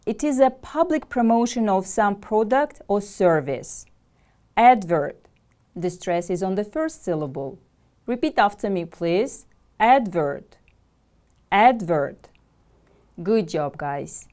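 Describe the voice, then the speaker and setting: Woman, teacher, slow unhurried delivery, careful drilled pronunciation, classroom instruction. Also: medium pitch, lively intonation, mellow. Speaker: English language teacher.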